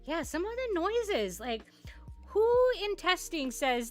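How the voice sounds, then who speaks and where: A woman live streamer talks loosely with viewers from her home setup, chatty and laughing frequently, with many filler "like"s. Her voice is extremely high, swings widely in pitch, moves slowly and sounds a bit bright over soft background music.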